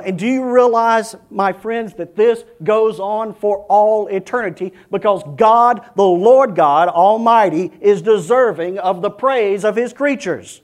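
A man preaching a sermon in a slightly high-pitched voice. He chants repeated lines with rising fervor, then sinks to a near hush. His address to the congregation stays earnest and direct. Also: measured pace, few pauses. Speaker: pastor.

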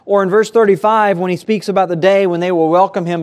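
Man, pastor, sermon, earnest preaching, fairly high voice, rises and falls for emphasis. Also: fast talker, darkish tone.

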